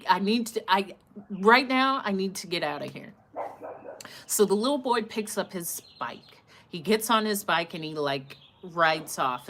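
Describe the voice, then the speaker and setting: Woman telling a story on a livestream. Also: mid-range voice. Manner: animated, acts out what people said. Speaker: livestream host.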